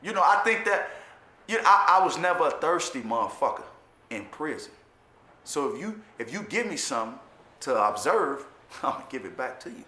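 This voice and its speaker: Blunt, profane man with a bright voice. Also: a little high, big pitch swings, normal speed, echoey room. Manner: blunt street talk, heavy profanity, repeats for emphasis. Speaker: former prisoner telling his story. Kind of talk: personal storytelling to camera.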